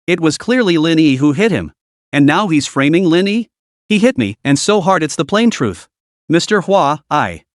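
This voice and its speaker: A man's voice: fairly high pitch, very animated, normal speed, no room sound, clean studio sound. A man voicing a beaten-down male thug who stammers and mutters grudging apologies. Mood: protesting.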